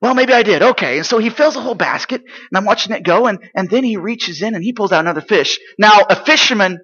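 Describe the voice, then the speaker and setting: A man playing an eager eight-year-old boy from Galilee in a dramatic first-person monologue, chatty and excitable, sometimes dropping to hushed asides. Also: high-pitched, quick pace, husky, heavily acted. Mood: wide-eyed excitement. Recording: dull lo-fi recording.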